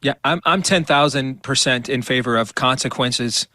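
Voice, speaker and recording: Halting male guest, bright and dry. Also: mid-range voice, no echo. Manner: halting, lots of filler words. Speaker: show guest. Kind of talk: talk show discussion.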